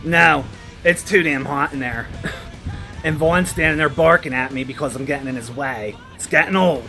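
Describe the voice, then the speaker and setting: A performer voicing a short-tempered, foul-mouthed elderly grandmother who gripes gruffly and curses through a comedy sketch. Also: medium pitch, moderate pace, bright, forceful tone, soft background music. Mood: grumbling. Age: older. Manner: gruff, cursing, complaining. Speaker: comedy character host.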